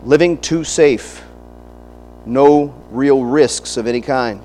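A man's voice: medium pitch, slow pace, mellow, big-room sound, slight background noise, rough recording. A middle-aged man preaching a sermon, emphatic and preacherly, often restarting phrases and breaking into asides.

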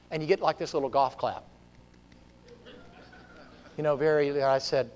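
A man with a Southern US accent, a preacher telling a story in a folksy, humorous way, swinging from hushed to shouting. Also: medium pitch, fairly even intonation, moderate pace, long pauses, slight background noise. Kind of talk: storytelling sermon. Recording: long hall reverb.

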